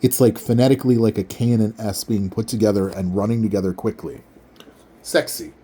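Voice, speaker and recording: A man casually explaining how to pronounce his name, leaning in to the microphone and enunciating slowly and carefully. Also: on the low side, steady tone, warm tone, husky. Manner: enunciates carefully, repeats words slowly syllable by syllable. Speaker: vlogger teaching name pronunciation. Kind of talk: casual explanatory talk to camera. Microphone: leans in toward microphone.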